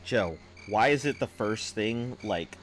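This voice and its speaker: A man chats loosely with his stream audience, drifting between thoughts and filling gaps with "uh" and "like". His voice sits fairly low. Faint crickets and insects chirp behind him. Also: lively intonation, takes it slowly, a little hiss or hum. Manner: rambling and offhand, answering chat with fillers. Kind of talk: casual live-stream chat.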